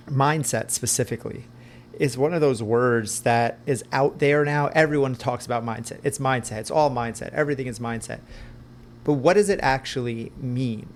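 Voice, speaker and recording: Fast-talking man hosting a podcast. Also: medium pitch, a little hiss or hum. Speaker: podcast host. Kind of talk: podcast interview.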